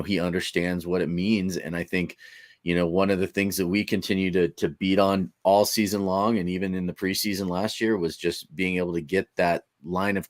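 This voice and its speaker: Deep-voiced rambling podcast co-host. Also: male voice, no echo, studio quality. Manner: rambling, lots of fillers and restarts. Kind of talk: casual sports podcast chat.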